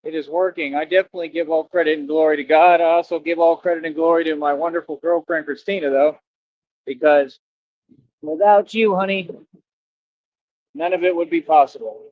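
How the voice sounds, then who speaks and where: A man livestreams outdoors near traffic, his brisk voice on the high side with fairly even intonation. He rambles, preaches and repeats himself in casual talk as he asks viewers for donations. The recording is dry, with dull lo-fi stream audio.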